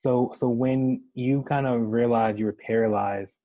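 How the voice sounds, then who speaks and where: A man's voice: medium pitch, fairly even intonation, a little slow, dark tone, no room sound, low-quality recording. A man hosting an interview, asking hesitant questions full of fillers. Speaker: podcast host.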